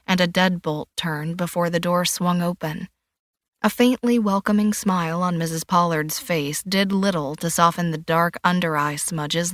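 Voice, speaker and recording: A woman reading a suspense audiobook in an even, measured storytelling voice. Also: fairly low pitch, no echo, clean studio sound. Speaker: audiobook narrator. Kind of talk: scripted thriller narration.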